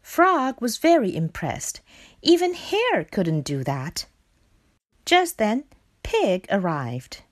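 Slow, expressive woman reading a storybook. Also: mid-range voice, no echo, studio quality. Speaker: narrator. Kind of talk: children's picture-book read-aloud.

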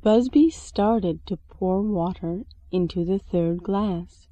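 A woman, an English teacher reading a storybook aloud with expressive sound words. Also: mid-range voice, takes it slowly, dry recording, lo-fi sound. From China. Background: soft music.

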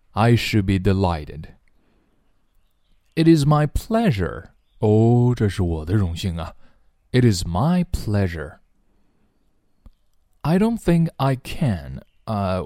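A man teaching English phrases in a slow bilingual drill. He repeats each phrase and explains it in Chinese, acting out its feeling. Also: on the low side, warm tone, no echo, clean studio sound.

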